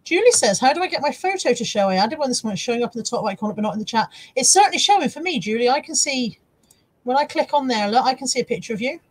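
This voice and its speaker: A woman's voice: high voice, lively intonation, very fast, low-quality recording. A woman co-hosting a casual live stream, chatty and giggly, reading viewer comments aloud. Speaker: livestream co-host reading chat comments. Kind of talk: casual chat.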